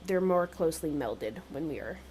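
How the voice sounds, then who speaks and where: A woman player talking casually about her character, halting and restarting often. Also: sits low, lively intonation, darkish tone, faint music behind. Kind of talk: casual tabletop game chat.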